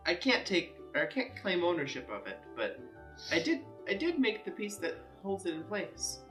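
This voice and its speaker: A woman at a tabletop game, speaking gently in character. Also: fairly low pitch, sing-song, normal speed, soft background music. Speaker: player. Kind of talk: tabletop role-play, in character.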